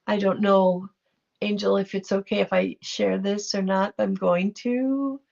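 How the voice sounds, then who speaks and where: Middle-aged woman, livestream host, unhurried and gravelly, chatty and affectionate, dull home-stream sound. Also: mid-range voice, fairly even intonation, a little mellow. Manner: chatty, affectionate, reacts to viewer comments. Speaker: livestream host reading chat. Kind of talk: casual livestream chat.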